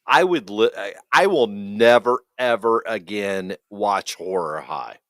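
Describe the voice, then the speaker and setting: A man chatting casually as a podcast co-host about movies. His pitch rises and falls a lot as he laughs and jokes. The sound is dry and close to the mic. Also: takes it slowly, no room sound. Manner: animated, laughs often, swears. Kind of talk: casual movie review chat.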